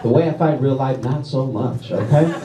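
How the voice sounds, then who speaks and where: Self-deprecating stand-up comic in an echoey venue. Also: male voice, medium pitch, normal speed, far from the mic. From Louisiana, USA. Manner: self-deprecating, conversational, frequent "okay?" asides. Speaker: stand-up comedian. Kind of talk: stand-up routine. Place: large comedy venue with audience. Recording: echoey live venue audio from afar, crowd laughter.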